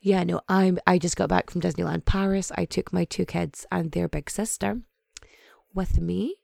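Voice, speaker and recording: Hoarse woman host, gravelly and dark, nasal, husky, rambling jokey chat with swearing. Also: lowish voice, fairly even intonation, normal speed, dry recording, clean studio sound. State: hoarse, voice partly gone. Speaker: podcast host. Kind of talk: casual, irreverent podcast chat.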